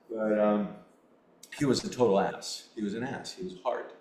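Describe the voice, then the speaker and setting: A middle-aged man, a podcast guest, telling a personal story in an earnest, halting way with many restarts. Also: on the low side, darkish tone, slight background noise. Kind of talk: storytelling in a casual interview. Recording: roomy echo.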